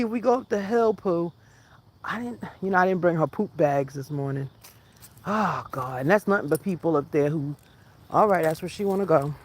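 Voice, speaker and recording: A woman vlogging casually while walking outdoors, chatty and quick to laugh, talking to her dog along the way. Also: on the low side, darkish tone. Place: outdoors on a residential street.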